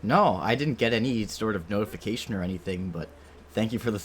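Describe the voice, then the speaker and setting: A man streaming a game and chatting casually with his viewers, relaxed and musing aloud, sometimes talking while he eats. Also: on the low side, a little fast, husky.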